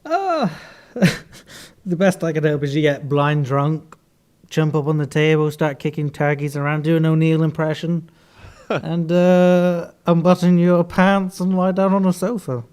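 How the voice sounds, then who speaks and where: A man's voice: a little high, measured pace, a little mellow, smooth. A young man co-hosting a comedy podcast, dry and sardonic in casual banter. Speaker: podcast co-host.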